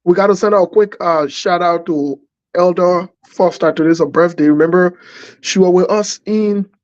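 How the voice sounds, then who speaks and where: A man's voice: sits high, normal speed. A man joining a casual live stream, pressing his points insistently and repeating them. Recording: dull lo-fi call audio.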